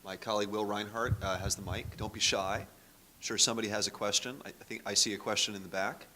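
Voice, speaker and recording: A man's voice: fairly low pitch, steady tone, quick pace, sharp tone, a little hiss or hum. A man moderating a panel discussion, stammering a little as he poses questions and invites the audience in. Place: conference room.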